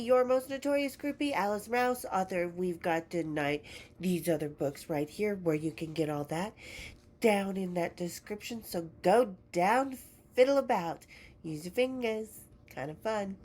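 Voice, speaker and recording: A woman's voice: medium pitch, darkish tone. A woman hosting her podcast in a casual, affectionate chat while sick and congested, swearing freely. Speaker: podcast host.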